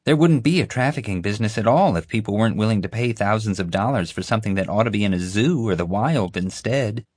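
A man's voice: on the low side, animated, fast, hardly any pauses, darkish tone, slightly rough, dry recording, clean studio sound, pitched above the performer's own voice. A man voicing an earnest, lecturing boy who explains things grimly for an audiobook. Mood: earnest explaining. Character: boy, excitable animal-trafficking know-it-all.

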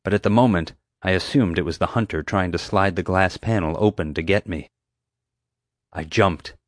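A man with a fairly low voice narrates an audiobook chapter in steady, measured first-person storytelling. The recording is dry and close, with no room sound. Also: dry recording.

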